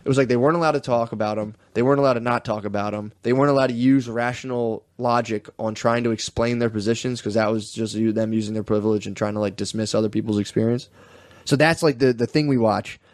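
A young man, a student, chatting casually and retelling a class story with lively, mocking quoted voices. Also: lowish voice, fast talker, no room sound, studio quality. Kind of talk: casual chat.

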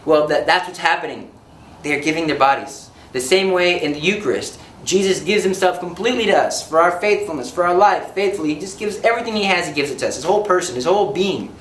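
A male preacher giving a sermon in an animated, joking manner, acting out little scenes as he teaches. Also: fairly high pitch, fast talker, roomy sound, slight background noise, low-quality recording.

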